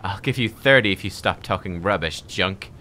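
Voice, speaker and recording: A man's voice: sits low, lively intonation, moderate pace, pushed and bright, pitched below the performer's own voice. A man reading the lines of an angry, crude female demon brothel keeper in a game, in a scornful, insulting manner.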